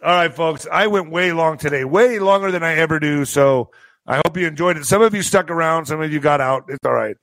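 A man telling a profane story to his video audience, animated and full of spoken sound effects. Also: fairly high pitch, fairly quick, no echo, poor audio. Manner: slips into a Spanish-accented put-on for quoted locals. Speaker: vlogger and author telling stories. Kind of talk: casual storytelling to camera.

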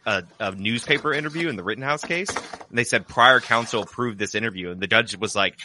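A man's voice: medium pitch, a little fast, bright, forceful tone, slight background noise. A man co-hosting a livestream, rambling through casual commentary with frequent restarts. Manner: rambling, restarts, mock impressions. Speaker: livestream co-host.

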